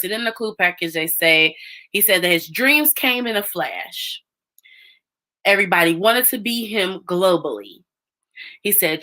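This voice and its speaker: Bright-voiced chatty woman recapping live. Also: mid-range voice. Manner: chatty and animated, talks straight to viewers. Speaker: live-stream reality show recapper. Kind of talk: casual live-stream recap.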